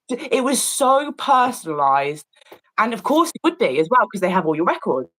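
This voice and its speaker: A woman's voice: mid-range voice, sing-song, normal speed, a bit bright, poor audio. A woman in casual chat on an art stream, telling a long story with many fillers and restarts, sounding incredulous and disgusted. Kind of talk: casual chat while painting.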